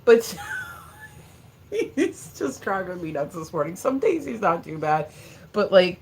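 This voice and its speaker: A woman's voice: lowish voice, sing-song, a little slow, darkish tone, a little hiss or hum. A woman chatting casually on a live stream from her home studio, exasperated and scolding, swearing casually. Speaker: livestreamer.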